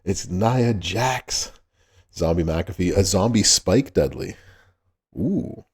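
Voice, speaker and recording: A man's voice: low voice, slow, husky. A man hosting a casual livestream, greeting chat viewers by name and laughing often. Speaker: livestream host.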